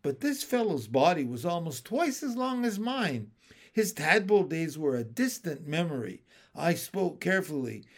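A man reading a children's storybook aloud with expressive storytelling. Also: a little high, normal speed.

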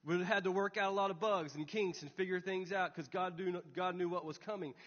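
Young pastor, earnest storyteller, slightly high voice, dull recording with long hall echo. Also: male voice, steady tone, a little fast, fairly bright tone. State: tearful. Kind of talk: sermon.

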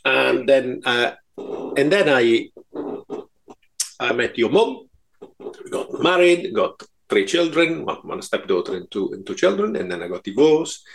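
This is a man in his fifties with an Italian accent and a gravelly, creaky edge to his voice. He talks in casual podcast chat, stumbling through fillers and restarts, and drops in wry jokes at his own expense. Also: medium pitch, big pitch swings, measured pace. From Italy. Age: 50s. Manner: hesitant, many fillers and restarts, self-mocking humour. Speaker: podcast co-host.

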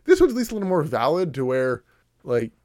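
A man's voice: fairly high pitch, very animated, a little fast, a little mellow, no echo, studio quality. A man co-hosting a podcast, recapping in a rambling, casual way and acting out little voices as he goes. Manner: rambling, acts out voices, heavy "like" filler. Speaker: podcast co-host recapping wrestling.

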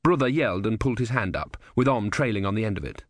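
A man's voice: on the low side, lively intonation, fast talker, no room sound, clean studio sound. Man reading a novel aloud. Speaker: audiobook narrator. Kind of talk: scripted narration.

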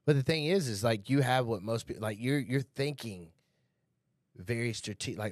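A man's voice: mid-range voice, moderate pace, no echo, clean studio sound. A man talking casually on a podcast, telling stories about sales training and acting out quotes. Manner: relaxed storytelling, acts out quotes, swears casually. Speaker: podcast guest, sales coach. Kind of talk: casual chat.

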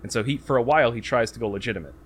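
Over slight background noise, a man with a mid-range voice rattles along rapid-fire in a casual podcast chat. He rambles through a movie plot recap full of fillers and restarts, raising his voice to act out quotes.

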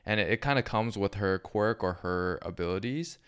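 Deep-voiced man chatting casually. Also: moderate pace, smooth. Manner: relaxed, laughs often, enthusiastic about anime. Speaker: podcast co-host. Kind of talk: casual chat.

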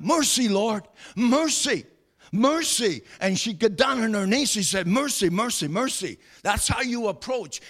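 A high-voiced man delivers a sermon, his pitch rising and falling in wide arcs. He speaks at an unhurried pace, reading scripture, then preaching with building fervor, often restarting and repeating his words. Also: fairly bright tone. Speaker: pastor.

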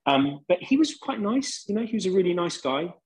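Husky London man telling stories. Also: sits high, sing-song, fairly quick, rough recording. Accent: London English. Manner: rambling, laid-back anecdotes with many fillers. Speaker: podcast guest, band singer. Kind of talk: casual storytelling.

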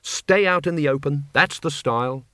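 A man voicing a nervous, cowardly male wizard who mutters to himself in a low, quiet voice. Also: normal speed, no echo, clean studio sound. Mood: wary. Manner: muttering, self-protective.

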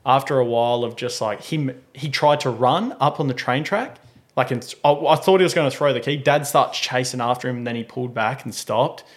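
Young guy, podcast guest, lively storyteller who acts out the voices. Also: medium pitch, brisk. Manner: animated, acts out quoted voices, laughs often. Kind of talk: casual storytelling chat.

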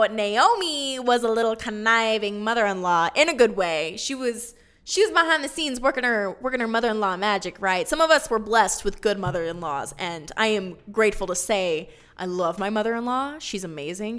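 A bubbly woman walks through a Bible story as a casual lesson, chatty and quick with laughing asides. Her voice is bright and crisp. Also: fairly high pitch, animated. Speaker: Bible teacher.

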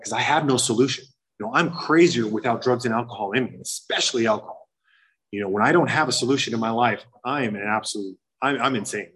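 Husky fast-talking man telling his story. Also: medium pitch, a bit bright, rough recording. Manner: candid, rambling, full of "you know" and quoted dialogue. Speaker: speaker sharing a recovery story. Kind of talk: personal testimony to a meeting.

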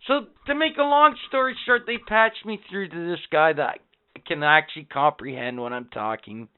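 A man with a slightly high, smooth voice rants and swears his way through a story on a casual podcast. The sound is thin and tinny, like a phone line. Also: moderate pace, no echo. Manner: profane, ranting storyteller. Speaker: podcast co-host. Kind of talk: casual chat.

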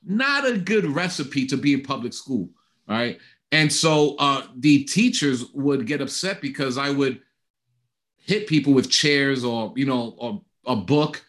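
A man's voice: medium pitch, expressive, unhurried, a bit bright. Earnest middle-aged man telling his story. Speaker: guest sharing a personal testimony. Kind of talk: conversational interview.

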